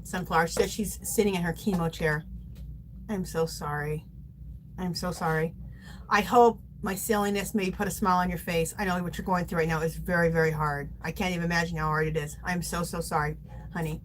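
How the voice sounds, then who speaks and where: A woman's voice: fairly low pitch, steady tone, fast talker, a little hiss or hum. A woman hosting a casual craft livestream, chatty and playful, reading viewer comments aloud and laughing often. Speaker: livestream host.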